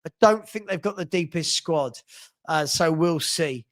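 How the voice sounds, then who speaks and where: Blunt, fast-talking man hosting a live Q&A. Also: a little high. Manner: blunt, opinionated, stumbles and repeats himself. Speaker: host answering viewer questions. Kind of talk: live-stream Q&A chat.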